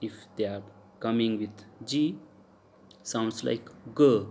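A man with an Indian English accent teaching French pronunciation in a lecture, halting often with fillers and repeating example words. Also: lowish voice, a little mellow.

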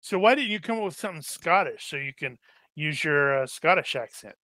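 Bright-voiced rambling game master, a man. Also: fairly high pitch, expressive, fairly quick, no echo. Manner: rambling, joking, trails off searching for names. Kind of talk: casual chat while planning a tabletop game.

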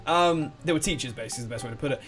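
A young man commentating a game, rambling and excitable, swearing freely. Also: medium pitch, racing, faint music behind. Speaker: let's play host. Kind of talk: gameplay commentary.

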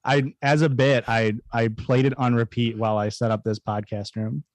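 A man's voice: mid-range voice, flat delivery, moderate pace, no room sound. A man joking as a guest on a comedy podcast, punning and laughing often. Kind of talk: casual comedy chat.

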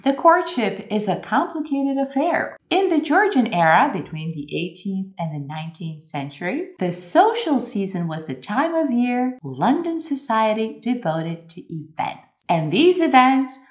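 A woman teacher giving a playful English vocabulary lesson, moving between bright exclamations and hushed asides. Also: fairly high pitch, big pitch swings, a little slow, hardly any pauses, echoey room.

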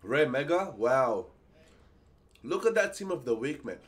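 This young streamer, medium-pitched and unhurried, excitedly opens game packs live. He keeps the chat casual, swears freely, and pleads for some luck.

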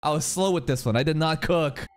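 A young man giving casual, excitable reaction commentary on an anime, swearing and joking as he talks. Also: fairly high pitch, a little fast.

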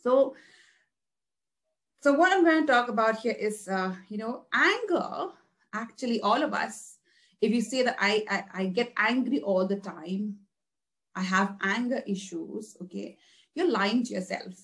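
A woman teaching a class in a lively, questioning way, checking her listeners with "right?" as she goes. Her voice sits a little high and she repeats words while building each point. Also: a little slow. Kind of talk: interactive online class talk.

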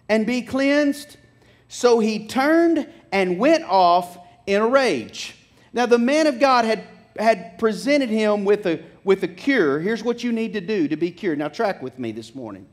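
A man pastor preaching a sermon, reading scripture and acting out the lines of the people in the story with rising intensity. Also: high-pitched. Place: church.

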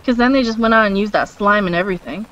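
A woman's voice: medium pitch, quick pace, a bit bright, muffled recording. A woman in her thirties chatting and giggling while watching a game, giving blunt opinions. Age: 30s. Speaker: co-commentator. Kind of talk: casual chat over gameplay.

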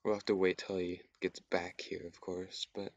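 A man's voice: low voice, flat delivery, normal speed, gravelly, no echo, highs cut off. Young man whispering through gameplay. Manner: hushed, often whispering while sneaking; thinks aloud, repetitive and tentative. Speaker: gaming YouTuber. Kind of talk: casual gameplay commentary.

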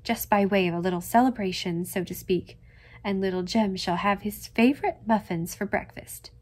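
A woman doing a brisk, devoted housekeeper. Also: medium pitch, natural voice. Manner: brisk and homely.

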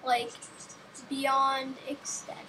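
A woman's voice: high voice, monotone, very slow, sharp tone, slight background noise, rough recording. A young woman giving casual, rambling gameplay commentary with a sarcastic streak, talking to herself and the game.

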